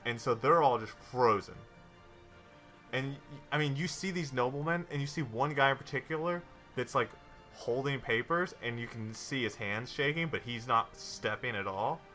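A man's voice: medium pitch, moderate pace, sharp tone, soft background music. A man narrating a tabletop game as game master, in a loose style with many fillers.

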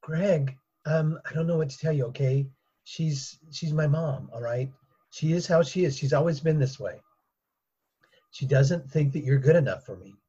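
Husky, defensive wife, voiced by a man, muffled recording. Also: a little high, moderate pace, dark tone. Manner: defensive, pleading. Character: exasperated wife defending her mother. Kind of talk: improv comedy podcast. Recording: dull, muffled sound.

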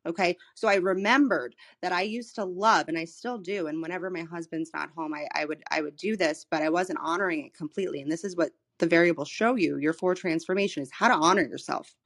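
A woman in her thirties from Florida, a human design coach, telling a personal story in a casual, animated way, swearing freely and often restarting her words. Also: on the low side, quick pace, hardly any pauses. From Florida, USA. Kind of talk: casual storytelling in a live audio room. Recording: live social audio room recording.

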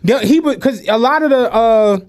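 A man's voice: very high-pitched, expressive, normal speed, a little mellow, clean tone. A man co-hosting a podcast in casual chat, slangy, laughing often and acting out quotes in funny voices. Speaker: podcast co-host.

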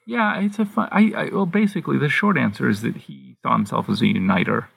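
A man, an author, answering interview questions in a thoughtful, halting way, pausing and restarting as he thinks aloud. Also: medium pitch, gravelly, a bit bright, husky, no room sound.

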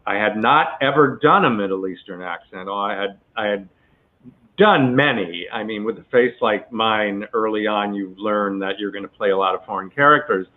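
A male actor being interviewed, telling a long story in a relaxed, chatty way with many asides. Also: on the low side. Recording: tinny phone-like line.

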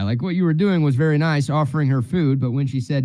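A man's voice: fairly high pitch, fast, few pauses, warm tone, no room sound. A man co-hosting a sports talk show, teasing his partner in dry casual banter. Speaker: radio sports show co-host.

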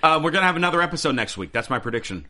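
A man's voice: a little high, lively intonation, very fast, bright, forceful tone. A young man co-hosting a casual panel chat, wry and laid-back with dry jokes. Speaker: co-host.

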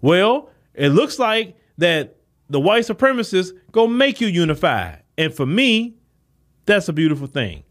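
A man's voice: sits high, big pitch swings, measured pace, a bit bright. A man hosting a solo podcast, giving impassioned commentary in with rhetorical questions to his listeners. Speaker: podcast host.

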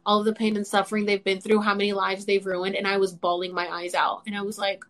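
A young woman hosting a casual chat, excitable and outspoken, who swears freely and fills her talk with "like". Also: medium pitch, fast talker. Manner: excitable, swears freely, many filler words. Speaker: host.

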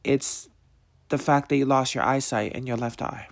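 A man delivers a motivational monologue in a mid-pitched voice. He preaches with slow, emphatic pauses and keeps returning to rhetorical questions. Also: fairly even intonation, vocal fry. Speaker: motivational speaker.

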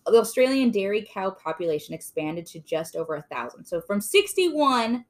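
A woman's voice: medium pitch, big pitch swings, normal speed. A woman hosting a casual podcast, reading aloud with playful, jokey asides. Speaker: podcast host.

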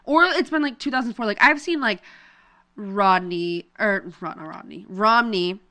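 Young woman co-host, smooth and clear, bright tone, animated venting. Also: medium pitch, moderate pace. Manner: animated venting, casual swearing. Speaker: podcast co-host. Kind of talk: casual chat.

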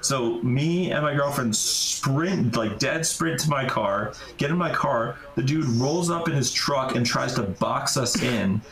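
A man tells a rambling story as a podcast guest, leaning on "like" at every turn and swearing freely. His voice sits at an ordinary middle pitch. The room around him is echoey. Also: unhurried, few pauses, crowd noise. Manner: rambling, heavy use of "like", swearing. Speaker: podcast guest, urban explorer. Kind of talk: casual storytelling.

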